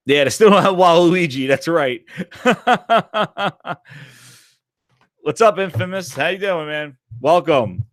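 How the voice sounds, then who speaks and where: A man's voice: fairly high pitch, measured pace, no echo, studio quality. A man hosting a casual gaming live stream, rambling and swearing as he answers chat. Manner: animated, profane, rambling.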